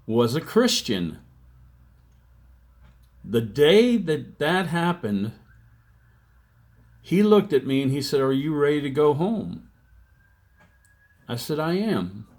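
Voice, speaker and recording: Guy in his sixties telling his testimony real slow, plain everyday talk, acts out the quotes. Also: mid-range voice, darkish tone. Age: 60s. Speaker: testimony speaker. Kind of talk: personal testimony, storytelling.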